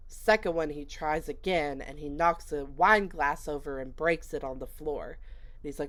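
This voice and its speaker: A woman casually recapping a movie she watched, chatty and rambling, with lots of fillers. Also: deep voice. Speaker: movie reviewer.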